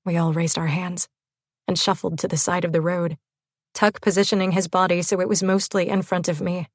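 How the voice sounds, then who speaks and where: A woman's voice: lowish voice, little pitch movement, moderate pace, darkish tone, no echo. A woman narrating a first-person novel as an audiobook, with tense, vivid delivery.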